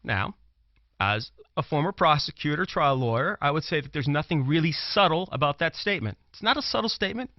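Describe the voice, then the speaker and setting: A man's voice: on the high side, animated, brisk, no echo. A man from Brooklyn, arguing his political commentary with emphasis and repeating phrases as he presses his point. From Brooklyn, New York. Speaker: commentator, former prosecutor. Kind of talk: political commentary talk show. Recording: dull lo-fi dry sound.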